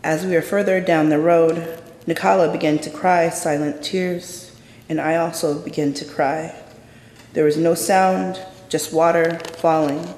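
Performing a dramatic first-person story, a man speaks in a measured, intense manner, pausing deliberately. His voice sits a bit high, gravelly and darkish, with a steady tone, echoing through a large theater with long reverb.

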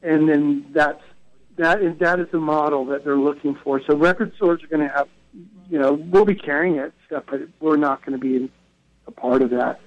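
A man's voice: fairly high pitch, moderate pace. A man as a radio interview guest, telling stories in a chatty, anecdotal way with many self-corrections. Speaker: guest, co-founder of a record retail event. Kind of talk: radio interview, casual storytelling. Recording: dull lo-fi radio broadcast.

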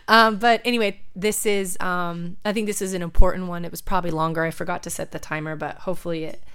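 A woman's voice: lowish voice, fairly even intonation, a little fast, clean tone. A woman hosting a church podcast as a young adults pastor, talking in a casual way, emotional and near tears. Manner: warm, tearful, laughing softly.

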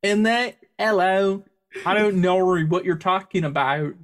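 A man co-hosting a gaming podcast, animated and slipping into silly accents. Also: sits high, normal speed. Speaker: podcast co-host. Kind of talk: casual chat.

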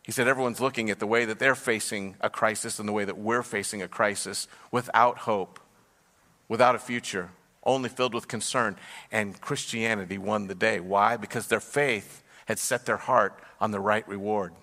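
Bright-voiced man preaching in a hall. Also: on the low side, fairly even intonation, moderate pace. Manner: storytelling, rising to emphatic preaching. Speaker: pastor. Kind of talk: sermon. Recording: long hall reverb.

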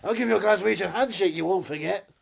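A man voicing a boastful Scottish Highlander swordsman with a put-on Scottish accent. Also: fast, vocal fry, a crowd in the background. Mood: bragging. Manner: swaggering, threatening bravado.

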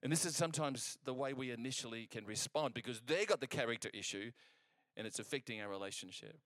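Male preacher for a sermon, lively storyteller, chatty with restarts, mid-range voice, dry close sound. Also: mid-range voice, fast, dry recording. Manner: animated storytelling, acting out quoted exchanges; conversational, with frequent restarts.

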